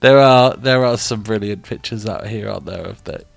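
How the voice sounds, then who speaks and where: Hosting a live stream, this radio show host chats in a rambling, casual way and laughs frequently while reacting to what he sees and reads aloud. His voice is fairly low, with vocal fry, at a moderate pace.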